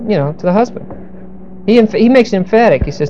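A middle-aged man preaching verse by verse, unpacking Greek grammar with homely asides and dry humor. His voice sits a little high yet sounds mellow and dark. A faint hiss runs under the recording. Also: big pitch swings, quick pace, low-quality recording. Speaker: pastor. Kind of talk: verse-by-verse sermon.

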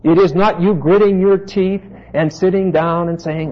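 A man's voice: high-pitched, steady tone, normal speed, slight background noise. A man teaching a sermon from the Bible, insistent and emphatic, turning to his listeners with asides. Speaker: preacher. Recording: dull lo-fi tape recording.

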